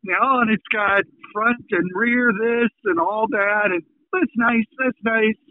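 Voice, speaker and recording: High-voiced man on a phone line. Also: a little slow, no echo. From Minnesota. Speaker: radio host. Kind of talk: casual radio chat.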